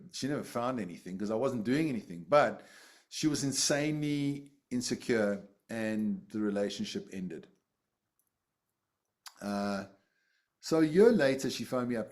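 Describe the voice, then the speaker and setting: Man telling a class a story. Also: medium pitch. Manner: conversational, repeats phrases, asks the class questions. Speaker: teacher. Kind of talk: classroom lecture with personal story.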